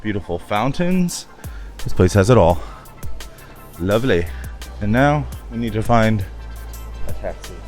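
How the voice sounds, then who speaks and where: A man's voice: fairly low pitch, animated, a little slow, pauses often, a little mellow, faint music behind. A man filming a casual travel vlog, chatting about what he sees as he walks around. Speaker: travel vlogger. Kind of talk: casual vlog commentary while walking.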